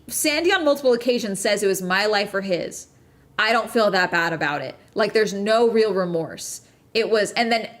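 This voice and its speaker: A woman hosting a casual podcast, recapping a crime documentary in an animated, profane way with frequent "okay?" check-ins. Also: a little high. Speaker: podcast host.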